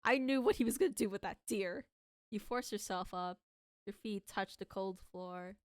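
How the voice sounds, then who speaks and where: Young woman streamer yelling at her game. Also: mid-range voice, normal speed, no echo, clean studio sound. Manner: dramatic outbursts and pleading at on-screen characters. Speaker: streamer playing a horror game. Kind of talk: live game playthrough, reading story text aloud. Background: faint background music.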